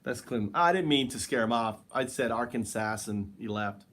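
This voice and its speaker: A man's voice: mid-range voice, moderate pace, fairly bright tone. A man chatting loosely on a livestream from home. He rambles from one thought to the next and speaks straight to his viewers, reacting to the chat as it comes in. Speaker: livestream host. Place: at home, sitting on the floor.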